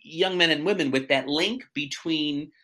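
A man in his thirties chatting casually as a guest, animated and self-mocking, often stumbling over restarts. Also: on the high side, a little slow. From central New York. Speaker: guest, real estate agent. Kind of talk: casual chat.

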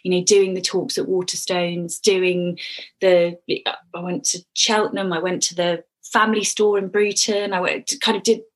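Husky woman chatting as podcast guest. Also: on the low side, level tone. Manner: warm, halting, laughs often, restarts. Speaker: guest author. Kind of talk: casual interview chat.

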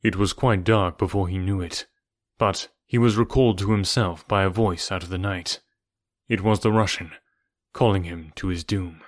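A man reading a novel aloud as narrator, in a measured, somber way. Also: deep voice, steady tone, no echo, studio quality. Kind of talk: audiobook narration.

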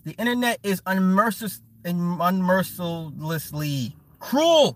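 A man's voice: high voice, lively intonation, normal speed, hardly any pauses. A man streaming live and reading chat messages, talking casually in blunt, profane banter with frequent laughs, repeating words for emphasis.

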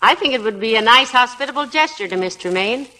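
A woman's voice: a little high, lively intonation, quick pace, sharp tone, poor audio. An actress playing a dry-witted, patient middle-aged wife in a 1940s radio comedy, teasing her husband in a dry manner. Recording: old radio recording with faint noise.

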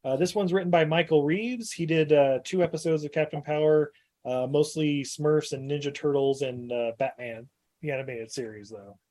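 A man's voice: a little high, normal speed, a little mellow. A man co-hosting a casual podcast chat, laughing often and joking crudely. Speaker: podcast co-host.

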